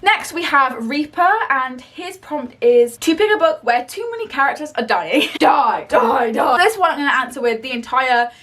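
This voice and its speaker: Woman book vlogger, quick, blunt, slightly high voice, recorded a little off-mic. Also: a bit bright, distant mic. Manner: chatty, blunt and swears casually. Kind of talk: casual vlog chat.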